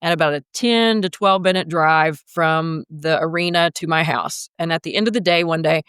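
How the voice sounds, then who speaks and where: Woman, coach, podcast guest, vivid dramatic storyteller, smooth voice, dry sound. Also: low-pitched, normal speed, fairly bright tone, dry recording.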